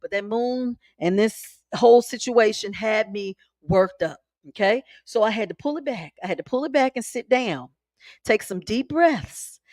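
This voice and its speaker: A woman's voice: on the high side, normal speed, dry recording. Spiritual live-stream host, woman, chatty and emphatic, dry close sound. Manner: chatty, animated, emphatic, folksy. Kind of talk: casual live-stream talk. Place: home.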